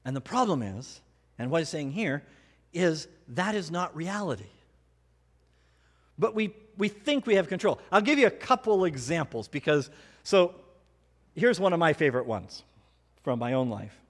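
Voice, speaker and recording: Animated middle-aged pastor in a reverberant church. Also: male voice, on the high side, moderate pace, pauses often. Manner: animated storyteller, self-mocking humor. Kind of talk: sermon with personal stories. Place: church hall. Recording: hall reverb.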